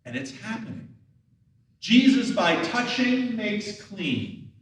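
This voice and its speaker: High-voiced preacher in an echoing hall. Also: male voice, sing-song, slow pace, a little hiss or hum. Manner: conversational preaching, acting out questions and dialogue. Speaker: pastor. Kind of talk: sermon. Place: church sanctuary. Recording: roomy church hall from a distance.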